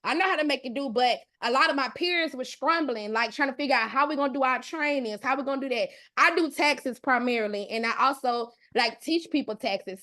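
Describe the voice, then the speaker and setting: A woman in her thirties with a Mississippi accent, hosting a live online class in a loud, profane, playful way and talking straight to her viewers. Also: sits high. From Mississippi, USA. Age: 30s. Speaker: host, online class teacher.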